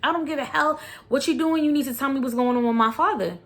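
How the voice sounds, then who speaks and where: A grown son, panicked and insistent, fires off his demands quickly and at a slightly higher pitch, acted out by a woman vlogger. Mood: frantic.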